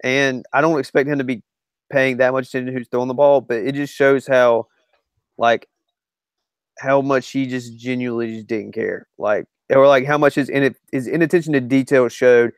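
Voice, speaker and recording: Rambling man with a smooth, clear voice. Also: medium pitch, steady tone, normal speed, dry recording. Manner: rambling, self-correcting. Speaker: podcast co-host and writer. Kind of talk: casual sports chat.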